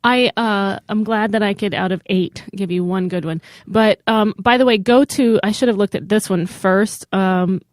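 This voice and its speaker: A woman's voice: mid-range voice, normal speed, hardly any pauses, no echo. Co-host read: a woman with a mid-range voice, teasing and giggly, dry close mic. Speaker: comedy podcast co-host. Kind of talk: casual comedic chat.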